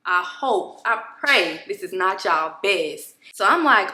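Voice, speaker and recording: A woman vlogger at home, telling a story to camera in an expressive, exasperated way, with many restarts. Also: mid-range voice, normal speed, few pauses, roomy sound. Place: home apartment room.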